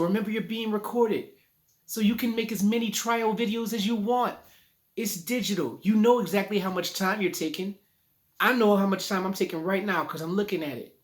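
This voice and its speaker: A man giving a casual video lesson on public speaking from his living room, recorded on a phone in selfie mode, talking conversationally and playing with rhymes. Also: sits high. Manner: playful, conversational, rhyming catchphrases.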